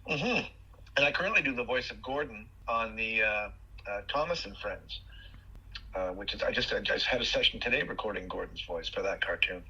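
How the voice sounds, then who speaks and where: Bright, husky-voiced man telling stories. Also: lowish voice, normal speed, dull audio. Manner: animated storyteller, frequent fillers and restarts. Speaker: guest actor. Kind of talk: podcast interview, storytelling.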